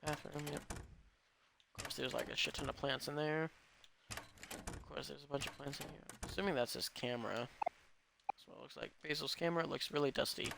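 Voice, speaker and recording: A man's voice: a little high, steady tone, moderate pace, gravelly, long pauses. Casual swearing man streaming a game. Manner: casual, swears, reads game text aloud. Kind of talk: let's play commentary. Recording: noisy recording.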